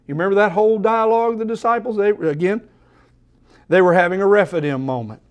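A man preaching a sermon, expressive, at times dropping to soft repeated phrases, with restarts and stammers mid-thought. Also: sits high, quick pace. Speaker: pastor.

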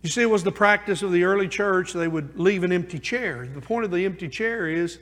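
A man preaching a sermon as pastor, moving between hushed asides and emphatic calls. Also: high voice, a little fast, few pauses. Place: church sanctuary. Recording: long church reverb.

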